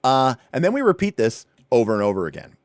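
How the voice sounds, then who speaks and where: A man hosting a livestream, casually walking through a rulebook, with animated, chatty asides and points repeated for emphasis. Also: medium pitch, fast talker, dry recording, clean studio sound. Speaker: livestream host.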